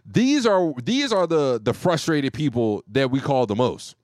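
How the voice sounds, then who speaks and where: A man telling a profane, joking story about his telemarketing job, animated and casual. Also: a little high, unhurried, no echo, studio quality.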